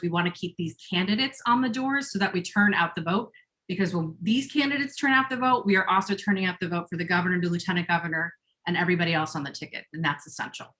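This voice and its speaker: A woman's voice: on the low side, fairly bright tone. Earnest woman organizer on a call. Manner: earnest, fillers, grows emotional. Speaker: campaign organizer. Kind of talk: presentation on a video call.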